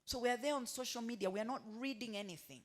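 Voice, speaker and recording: A woman's voice: on the high side, quick pace. A woman giving a motivational talk to hotel staff. She keeps asking the room questions and has them finish her sentences. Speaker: motivational speaker.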